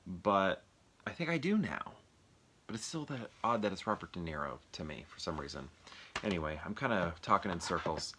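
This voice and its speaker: An American movie collector reviews films in a casual solo video, rambling, thinking aloud and asking viewers questions. His deep voice is a bit bright with lively intonation at normal speed, over slight background noise.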